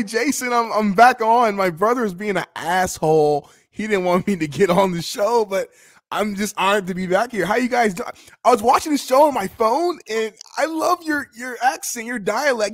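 A man's voice: high-pitched, moderate pace, fairly bright tone, no room sound, clean studio sound. A man voicing his own brother as a fawning, overly polite guest who gushes with praise. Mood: gushing.

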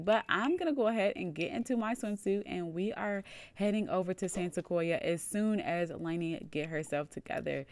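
A woman's voice: lowish voice, normal speed. A woman casually narrating her life-sim gameplay, chatting and voicing each family member's lines herself. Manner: chatty, voices family dialogue. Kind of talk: casual let's-play narration voicing characters.

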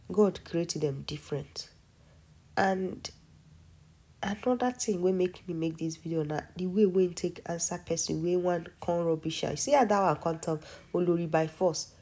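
A woman's voice: fairly low pitch, unhurried, long pauses, dark tone, slightly rough. A woman with a Nigerian accent giving casual commentary in a vlog, talking emphatically and repeating herself for stress. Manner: repetitive, emphatic, admiring. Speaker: vlogger.

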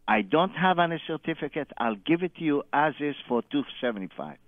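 A man's voice: a little high, animated, fairly quick, no room sound, narrow, tinny audio. A man calling in and telling a long anecdote, acting out every quoted line with loose, non-standard grammar. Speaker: caller. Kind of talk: animated anecdote storytelling.

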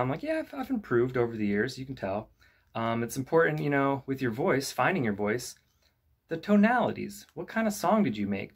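A young man with a voice of middling pitch talks kids through the basics of rapping. He keeps it loose and conversational, dropping plenty of "you know" and "kinda" as he goes. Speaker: youth club rap instructor. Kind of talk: casual instructional talk to camera.

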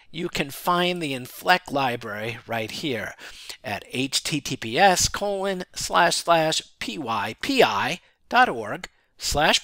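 A man walking through a programming tutorial in a chatty, casual way, often checking in with "right?" and filling pauses. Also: on the high side, pushed and bright, dry recording. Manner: chatty, frequent "right?" check-ins and fillers. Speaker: programming instructor.

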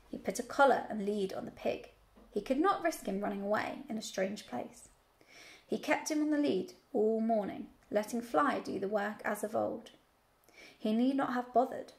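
A woman teacher reading a children's novel aloud in a steady storytelling manner. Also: fairly high pitch, gravelly.

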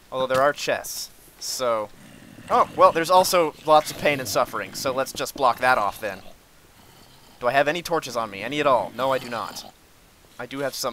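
A man giving let's play commentary, sarcastic and easily frustrated, with sudden yells at monsters. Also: medium pitch, lively intonation, normal speed, long pauses, slight background noise. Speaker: gamer.

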